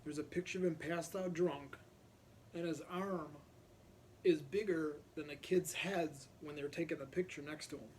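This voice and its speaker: A man's voice: fairly high pitch, steady tone, moderate pace, darkish tone, a little hiss or hum. Man telling a rambling neighborhood tale. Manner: rambling, clears throat often. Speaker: storyteller. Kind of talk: casual anecdotal storytelling.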